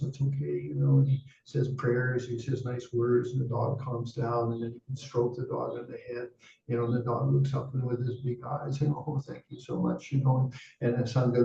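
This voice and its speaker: A male Buddhist teacher tells a dharma story in a chatty, casual way, with frequent "you know" asides. His voice is mellow and gravelly. It is heard from a distance in a roomy, echoey space, and the sound is dull and muffled. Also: mid-range voice.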